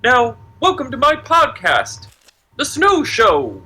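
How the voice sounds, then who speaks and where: A man voicing a jolly male snowman who hosts a podcast, in a goofy, drawn-out, sing-song way. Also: very high-pitched, huge pitch swings, pushed and bright, breathy edge, pitched above the performer's own voice, exaggerated voice.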